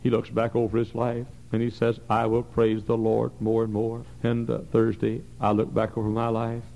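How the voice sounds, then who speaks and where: A man in his forties preaching a fervent sermon in a church, his voice swinging from soft passages to loud, high bursts. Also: monotone, normal speed, vocal fry, highs cut off. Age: 40s. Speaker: pastor. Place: church sanctuary.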